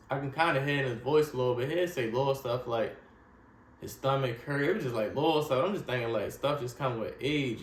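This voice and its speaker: A man of middle pitch tells his life story in an earnest, heartfelt way, speaking in short broken phrases. His voice rings in a roomy, echoey space, with a faint hum of ambient noise behind him. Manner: earnest, repeats "you know what I mean". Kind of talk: personal testimony, casual storytelling.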